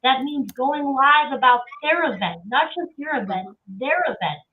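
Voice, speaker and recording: A woman with a voice that sits high speaks at a normal pace as a guest on a talk show, joining over a remote call that sounds tinny and distant. She's effusive in the casual conversation and repeats phrases for emphasis.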